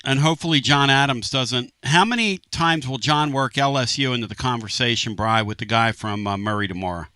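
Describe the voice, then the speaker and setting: A man hosting a sports talk radio show, telling animated stories in a brash, lively way. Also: medium pitch, brisk, few pauses, clean tone, no echo, studio quality. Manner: animated storyteller, does mock voices, brash.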